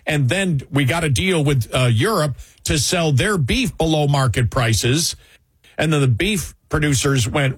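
A man discussing politics on a talk show in a heated, indignant manner, with a husky voice. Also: on the high side, expressive, normal speed, no echo.

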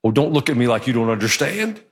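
A man's voice: mid-range voice, big pitch swings, fast. A male pastor preaching a sermon in church, in a conversational, joking manner. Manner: conversational and joking, acts out quotes.

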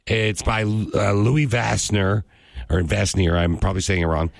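Male radio host, low gravelly voice, goofy rambling banter in the studio. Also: fairly even intonation, a little slow, dry recording. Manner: joking, rambling, self-mocking. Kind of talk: casual radio chat.

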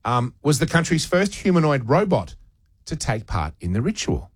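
A man's voice: medium pitch, big pitch swings, moderate pace, slightly rough, no echo. A man hosting a breakfast radio show, chatting playfully and reading out a news story with wry asides. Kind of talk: casual on-air banter and reading a news story. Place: radio studio. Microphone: studio microphone.

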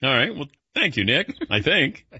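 A man's voice: a little high, big pitch swings, normal speed, bright, forceful tone, breathy edge, no echo. A middle-aged man hosting a sports radio show, chatting casually with a wry, self-deprecating manner. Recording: dull lo-fi broadcast audio.

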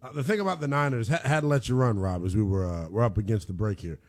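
A man hosting a sports talk radio show, animated and teasing, laughing often with callers. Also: lowish voice, fast talker.

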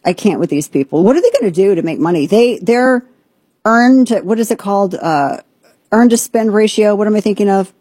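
A woman hosts a talk show in a brash, sarcastic way. Her voice is mellow and a little husky. The sound is dry and close, with no room around it. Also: medium pitch, lively intonation, brisk, dry recording. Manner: brash, sarcastic, mocking impressions. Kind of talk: opinionated radio talk.

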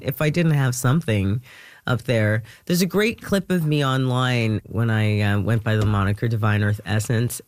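Man, singer being interviewed, mid-pitched voice, dry studio, halting speech. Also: no echo. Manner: halting, searching for words, soft laughs. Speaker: singer and stage performer. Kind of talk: casual interview.

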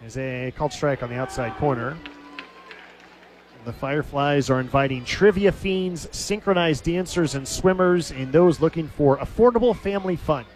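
A man calling a minor league baseball game on radio, telling a funny story between pitches and laughing at it. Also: moderate pace, a little mellow. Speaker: baseball play-by-play announcer.

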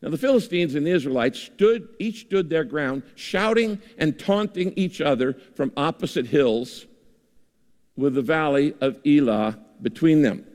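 Male pastor, slightly higher voice, lively sermon delivery, reverberant hall sound. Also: unhurried. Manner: lively preaching with rhetorical questions.

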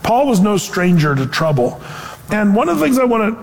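A man preaching a conversational sermon as pastor, animated and acting out quotes in voices. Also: high voice, a little fast, vocal fry, in a large hall.

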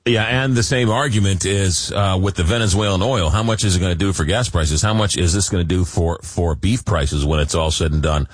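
A man's voice: low-pitched, brisk, hardly any pauses, no room sound. A man hosts a late-night radio talk show. He jokes a lot and trips over his own words, with repeats and fillers. The studio sound is dry and close.

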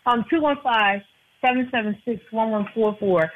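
A woman's voice: fairly high pitch, moderate pace. A woman calling into a radio show as an insurance agent guest, talking earnestly and repeating her phone number. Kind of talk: casual radio talk. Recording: tinny phone line.

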